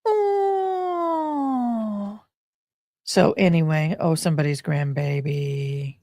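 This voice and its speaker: A woman's voice: mid-range voice, extremely slow, warm tone, dry recording. A woman hosting a live stream in a rambling, chatty way. She is short of breath and breaks off to sigh and cough. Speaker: livestream host. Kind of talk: casual live-stream chat.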